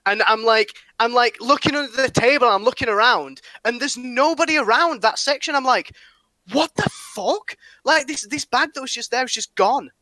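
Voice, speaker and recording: A man's voice: extremely high pitch, fairly quick, few pauses, pushed and bright, dry recording. A young man chatting casually on a podcast, rambling with lots of fillers, restarts and swearing. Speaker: podcast host.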